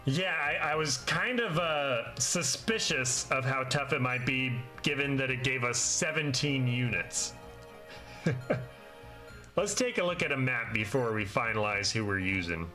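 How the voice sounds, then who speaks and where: A man chats through a game playthrough in a joking, easygoing way, chuckling now and then. His voice is bright and forward at an ordinary pitch, with faint music underneath. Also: lively intonation, measured pace. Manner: joking and chatty, with small laughs. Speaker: gaming video host. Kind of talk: casual let's-play commentary.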